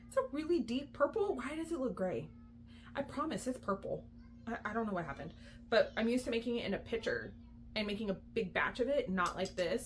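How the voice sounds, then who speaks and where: A woman's voice: mid-range voice, slight background noise. A young adult woman, a mom and book vlogger, chatting casually with lots of likes and ums. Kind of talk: casual vlog chat.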